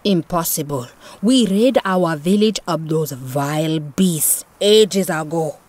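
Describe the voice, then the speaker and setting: A woman voicing a proud, stern male village chief who speaks in a commanding, measured way in a storybook audiobook. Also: low-pitched, darkish tone, dry recording, pitched below the performer's own voice.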